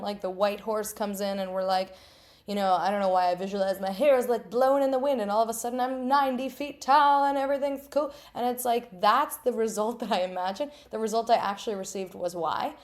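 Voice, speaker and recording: A woman hosting her own podcast, talking candidly and animatedly in a casual solo monologue, acting out her inner voices, laughing at herself and swearing freely. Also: on the high side. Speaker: podcast host.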